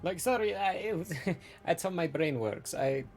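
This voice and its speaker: A man voicing a friendly, chatty female druid leader who stammers and rambles in an animated way. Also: high-pitched, moderate pace, soft background music, pitched above the performer's own voice.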